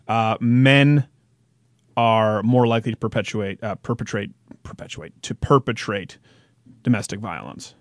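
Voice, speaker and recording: A man hosting a casual talk-show interview, asking quick questions and joking between them. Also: lowish voice, dry recording, studio quality.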